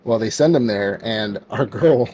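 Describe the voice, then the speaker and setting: A man's voice: lowish voice, slow pace, a little mellow, slightly rough. A man co-hosting a podcast, recapping an anime episode in a rambling, casual way and acting out the characters' lines with lots of "like" and "bro". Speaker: podcast co-host.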